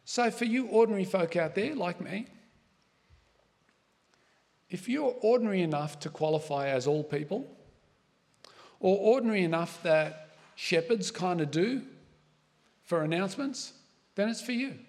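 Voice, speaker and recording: A middle-aged man preaching a sermon in a relaxed, chatty way, with asides and questions to his listeners. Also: high voice, normal speed, long pauses. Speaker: pastor. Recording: long hall reverb.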